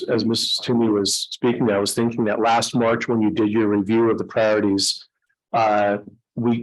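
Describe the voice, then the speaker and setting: A man on city staff presenting at a public council meeting, talking in a halting way with many fillers and restarts. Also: on the low side, rough recording.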